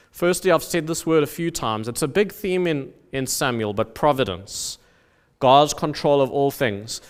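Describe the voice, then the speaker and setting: A man's voice: mid-range voice, smooth. A man preaching a sermon as pastor, earnest, with emphatic rises and drops. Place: church sanctuary. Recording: long reverb of a church hall.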